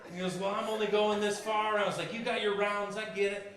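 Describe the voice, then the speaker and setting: A man's voice: sits high, level tone, fast talker, very noisy. A man in his thirties doing a stand-up set, telling a rambling, self-mocking story and acting out the voices he quotes. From Maine, USA. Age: 30s. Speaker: stand-up comedian. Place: comedy club stage before a live audience. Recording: echoey live room with crowd laughter. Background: audience laughter.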